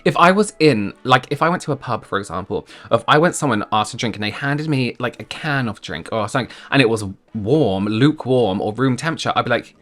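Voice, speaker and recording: An English man hosting a reaction video, chatting casually with quick asides and laughing at himself. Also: mid-range voice, expressive, fairly bright tone, faint music behind. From England.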